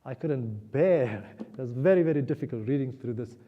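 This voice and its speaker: A man giving a spiritual discourse at a temple celebration, retelling a scripture story with animated emotion. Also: medium pitch, normal speed. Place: temple hall. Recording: muffled sound in a reverberant hall.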